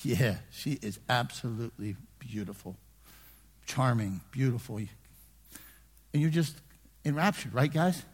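A man preaching a sermon in a conversational way, dropping to hushed asides and rising to shouted emphasis. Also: mid-range voice, a little slow, long pauses, slightly rough, long reverb tail. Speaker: pastor.

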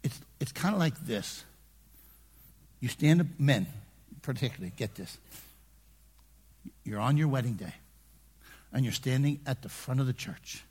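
Animated preacher with a husky voice. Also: male voice, medium pitch, unhurried, long pauses, big-room sound. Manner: conversational preaching that swings from hushed asides to shouted emphasis. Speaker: pastor. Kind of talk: sermon.

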